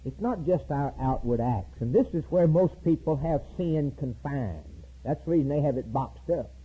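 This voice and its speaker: A man preaching a sermon with a raspy voice, rising to loud high climaxes and slowing down for emphatic repeated lines. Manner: preaching with sudden loud high climbs and slow emphatic repetitions. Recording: tinny lo-fi recording.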